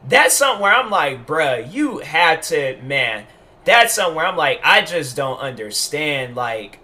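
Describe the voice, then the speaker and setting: A man's voice: on the high side, sharp tone. A man giving a casual commentary monologue as a YouTuber, rambling and emphatic, full of restarts.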